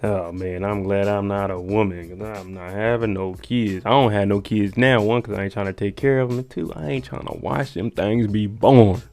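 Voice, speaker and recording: A man's voice: on the low side, steady tone, normal speed, few pauses, darkish tone, faint music behind. Laid-back slangy man recapping a show. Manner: laid-back, slangy, joking asides to the viewer. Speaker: TV recap host. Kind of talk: casual TV episode recap commentary.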